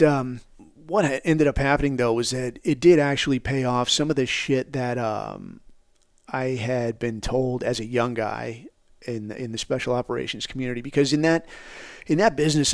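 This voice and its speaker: A man's voice: mid-range voice, dry recording, studio quality. A middle-aged man from the United States, telling personal stories in a blunt, profane, rambling way. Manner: profane, blunt, rambling, says "dude" a lot. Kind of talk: casual storytelling.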